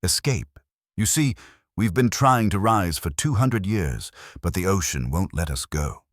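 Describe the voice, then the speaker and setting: A man voicing a polished, courteous ghost captain of an eighteenth-century British warship who is quietly menacing, in a scripted horror story. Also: low-pitched, expressive, unhurried, no echo, studio quality, voice pushed up. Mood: silky menace.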